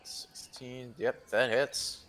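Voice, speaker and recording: A man narrating a tabletop game as game master, describing the action with lively, profane flair. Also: medium pitch, slow.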